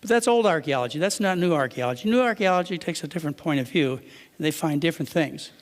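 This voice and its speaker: A man's voice: a little high, expressive, fast, long reverb tail. A man giving a conversational lecture to a live audience, often asking them rhetorical questions.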